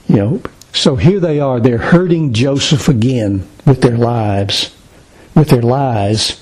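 Male pastor, husky mid-range voice, expository sermon delivery. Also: medium pitch, slow, darkish tone, rough recording. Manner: expository preaching, reading scripture aloud with emphasis.

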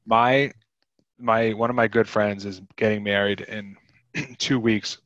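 A low-voiced man hosting a podcast, chatting in a loose, wry, rambling way about a film. His voice sits in a dry, close space. The sound is a touch dull. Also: fairly even intonation, slow, a bit bright, no room sound. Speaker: podcast host. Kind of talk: casual chat about a film.

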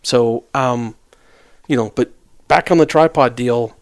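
Relaxed co-host man with stammering restarts. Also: mid-range voice, measured pace. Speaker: hunting podcast co-host. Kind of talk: casual chat.

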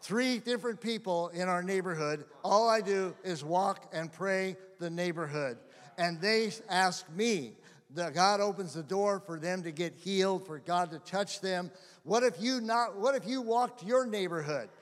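A middle-aged male pastor telling stories in a sermon, animated and often laughing. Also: sits high, a little slow. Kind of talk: sermon storytelling. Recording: long hall reverb.

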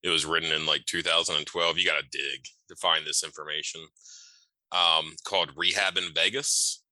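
A man with a very low voice talks loosely on a podcast, piling up fillers and tossing in curse words. His tone is bright and edgy, and the sound is dry and close with almost no room echo. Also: steady tone, moderate pace. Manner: rambling, filler-heavy, swears casually. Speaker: podcast co-host. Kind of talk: casual chat.

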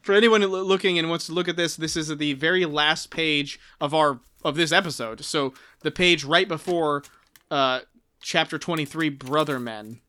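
Earnest bright-voiced podcast man. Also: fairly high pitch. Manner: earnest, apologetic, halting restarts. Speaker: podcast co-host. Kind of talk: casual book podcast chat.

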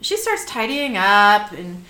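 A woman's voice: mid-range voice, slow, echoey room. A woman co-hosting a casual podcast, recapping a show with lots of laughter and squealed character lines. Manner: giggly, animated, does squealing character voices. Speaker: podcast co-host recapping a TV episode. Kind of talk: casual chat, acting out scene dialogue.

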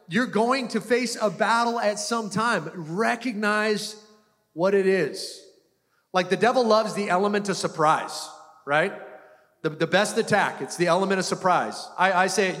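A man's voice: sits high, moderate pace, a bit bright. A male pastor preaching a sermon to a congregation, talking conversationally and often repeating and restarting phrases. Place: church hall before a congregation. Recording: long hall reverb.

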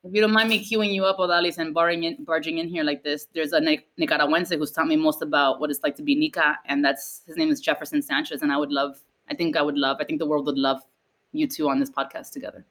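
A woman from Cuba hosting a podcast, chatting casually and telling stories in an animated way, slipping into Spanish. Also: sits low, quick pace. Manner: animated storyteller, mixes in Spanish. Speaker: podcast host. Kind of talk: casual chat.

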